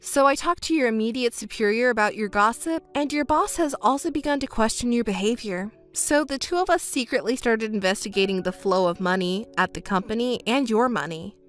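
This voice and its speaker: Woman, betrayed wife figure, scornful, sharp, mocking, high lively voice, faint music bed. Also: fairly quick, hardly any pauses. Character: betrayed wife, adult woman, cold and cutting. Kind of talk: scripted texting-story reading.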